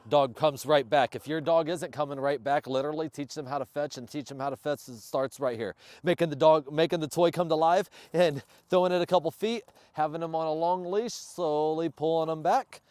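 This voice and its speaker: A man who handles and trains his service dog, chatting upbeat to viewers of a casual training vlog outdoors and praising the dog loudly. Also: a little high, normal speed, few pauses, clear, resonant tone, no room sound. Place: outdoors, yard or field. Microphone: camera on a stand nearby.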